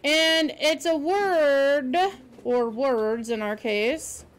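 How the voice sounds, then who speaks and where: A woman's voice: high voice, steady tone, drawn-out words. A woman reading a book aloud to children, stopping to explain words patiently and spell them out. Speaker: reader teaching children.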